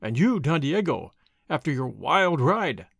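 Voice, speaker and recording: A man reading aloud as an anxious older nobleman hosting guests in an old adventure storybook, loud and placating. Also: a little high, big pitch swings, a little slow, creaky, dry recording, clean studio sound, exaggerated voice.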